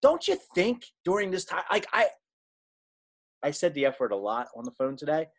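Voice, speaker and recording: Man, podcast co-host, lively swooping pitch, fairly high voice, venting casually. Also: moderate pace. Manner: animated, venting, laughs often. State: frustrated. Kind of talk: casual chat.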